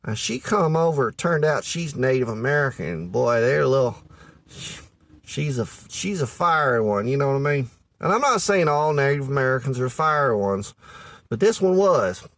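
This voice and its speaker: Guy playing a folksy southern redneck, southern drawl, bouncy pitch, rambles with lots of "you know", dry close sound. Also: sing-song, normal speed, fairly bright tone, dry recording. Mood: rambling. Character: folksy Southern good ol' boy giving dating advice. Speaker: comedic character monologue. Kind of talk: rambling comedic monologue.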